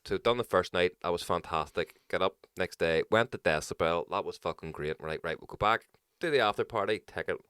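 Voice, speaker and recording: Brief: young man, low smooth voice, sweary animated storyteller, dry close mic. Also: brisk, few pauses, no echo. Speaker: podcast co-host. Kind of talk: casual chat.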